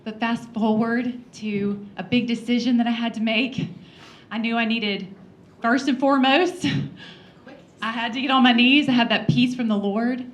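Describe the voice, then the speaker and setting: A woman's voice: a little high, steady tone, normal speed. Earnest woman telling a personal story. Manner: earnest storytelling, soft laughs, frequent ums. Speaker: congresswoman giving a talk. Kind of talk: heartfelt personal speech. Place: breakfast event room.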